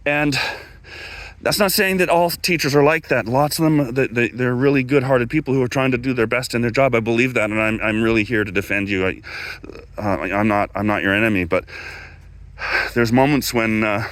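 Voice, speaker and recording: A middle-aged man from Canada talks casually at a medium pitch, wandering off on tangents and circling back. He leans on fillers and restarts, and his voice jumps up when he quotes someone. The recording is dry and close, with no room sound. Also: fairly even intonation, moderate pace, fairly bright tone, dry recording. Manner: rambling, digressive, many fillers and restarts; acts out quoted dialogue with raised pitch. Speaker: guest speaker, former electrical instructor. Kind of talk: casual storytelling talk.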